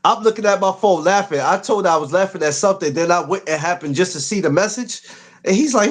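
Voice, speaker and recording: A man's voice: high-pitched, quick pace, a little hiss or hum. A man hosting a podcast in casual morning chat, playful and teasing, repeating his phrases. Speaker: podcast host.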